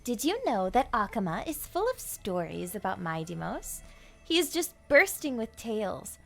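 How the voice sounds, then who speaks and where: A woman's voice: medium pitch, sing-song, normal speed, creaky, fairly bright tone, soft background music, full character voice. A woman voicing a chatty, curious young woman character in a game who loves passing on rumors. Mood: gossipy. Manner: curious, gossipy, playful.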